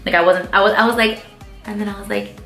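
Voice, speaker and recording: Young woman vlogger, quick bright chatty delivery, echoey room with faint music behind. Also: medium pitch, fairly even intonation. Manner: chatty, fills speech with "like" and "um". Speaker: beauty vlogger answering viewer questions. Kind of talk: casual chat.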